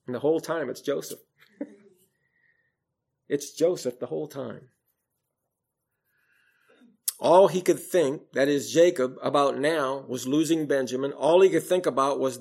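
A man preaching a sermon, quoting scripture in old King James wording and swinging from loud emphasis to quiet, low passages. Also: moderate pace, pauses often. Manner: rises and falls in volume, emphatic then hushed.

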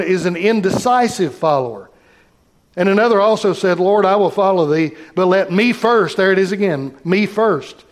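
A man pastor preaching a sermon, reading scripture aloud and talking directly to his congregation. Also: high-pitched.

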